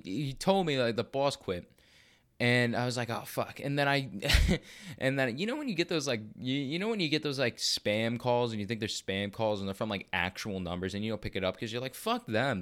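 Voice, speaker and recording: A man's voice: medium pitch, normal speed. A young man from Arizona telling a rambling, profane story in casual podcast talk, acting out the people he quotes. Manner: profane, rambling, animated quoting of others.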